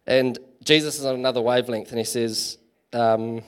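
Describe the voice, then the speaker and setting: A man's voice: mid-range voice, little pitch movement, brisk, clear, resonant tone. A man giving a casual, chatty sermon in church, full of fillers and self-deprecating asides. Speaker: preacher.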